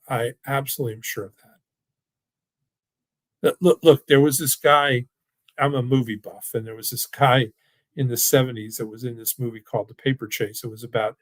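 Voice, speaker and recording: A man's voice: mid-range voice, no echo. A middle-aged man running a finance webinar, talking casually and persuasively with frequent restarts, over a video call mic. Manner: emphatic, with frequent restarts and repeated "look". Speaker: financial firm owner hosting a webinar. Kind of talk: casual, persuasive talk and Q&A answers.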